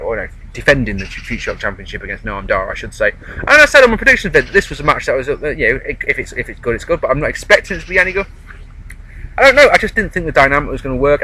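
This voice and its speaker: A man's voice: on the high side, sharp tone, a little hiss or hum, poor audio. A man chatting casually outdoors in a park, rambling through a wrestling show review. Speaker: wrestling vlogger.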